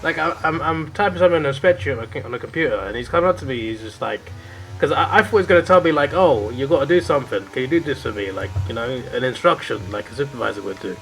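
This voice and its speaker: A man's voice: medium pitch, animated, fast talker, gravelly, a bit bright, rough recording. A young man chatting casually while playing a racing game, rambling through jokey anecdotes full of British slang. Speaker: gaming video creator. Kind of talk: casual gameplay chat.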